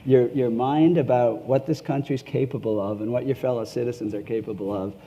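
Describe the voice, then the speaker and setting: A man's voice: mid-range voice, brisk, slight background noise. A middle-aged man speaking on a conference panel in a hotel ballroom, telling stories with chuckles. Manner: animated storytelling with chuckles.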